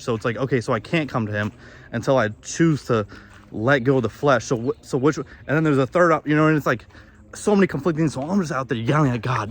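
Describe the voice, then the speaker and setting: A young man vlogging outdoors among trees rambles through an honest, cuss-filled confession, frequently starting his sentences over. He speaks fairly quickly in a mid-range voice.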